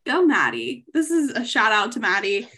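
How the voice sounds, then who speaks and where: A woman's voice: on the high side, huge pitch swings, normal speed, pushed and bright. A woman co-hosting a podcast, telling a story in casual chat, laughing often and swearing freely. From Savannah, Georgia. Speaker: podcast co-host.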